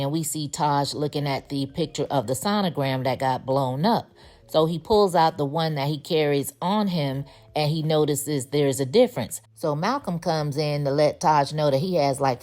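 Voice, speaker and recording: A woman with a notably low voice walks through a TV episode in a relaxed, conversational recap. She tells the story in a chatty way and drops in sassy little asides as she goes. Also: normal speed. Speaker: TV show recap reviewer. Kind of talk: casual spoken episode recap.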